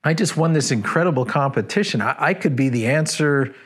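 A man's voice: a little high, animated, fairly quick, slightly rough. A man voicing a self-important brainy teenage boy who stammers as he brags. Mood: boastful.

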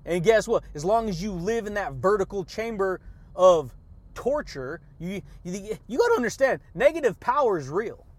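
A man hosting a motivational podcast, talking excitably in a preachy, repetitive pep-talk manner and laughing often between catchphrases. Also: high-pitched, moderate pace, no echo. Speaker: podcast host.

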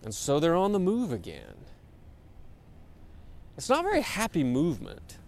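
A man's voice: fairly high pitch, huge pitch swings, normal speed, gravelly. A man, a pastor, preaching a sermon in a conversational, informal way, with many fillers and repeated words.

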